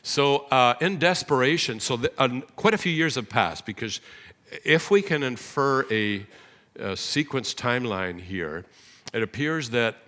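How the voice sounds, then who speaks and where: A man's voice: mid-range voice, lively intonation, unhurried, sharp tone. A man giving an earnest, explanatory sermon in a church, often correcting himself mid-sentence. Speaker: guest preacher. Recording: reverberant church hall.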